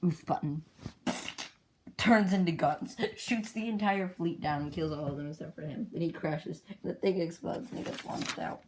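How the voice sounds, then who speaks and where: A woman retells her homemade comic in a casual, rambling rush. Her voice sits a little low. Every so often she pops into squealed character voices. The home recording carries steady background noise. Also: moderate pace. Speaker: comic creator.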